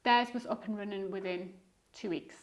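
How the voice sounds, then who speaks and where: A woman's voice: medium pitch, steady tone, normal speed. Woman, thirties, light Scouse accent; loose, rambling guest chat full of "like" and "um". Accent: diluted Liverpool (Scouse). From Liverpool, England. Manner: rambling, many fillers and restarts. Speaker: guest eBay reseller. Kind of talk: casual podcast chat.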